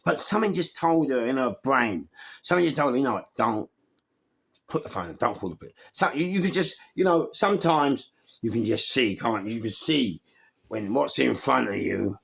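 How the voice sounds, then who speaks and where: A middle-aged man with a London accent spins a story in a husky, gravelly voice. His pitch swings widely as he acts out the other people in it. He swears freely as he goes. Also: lively intonation, moderate pace, a bit bright. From England. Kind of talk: animated storytelling to camera.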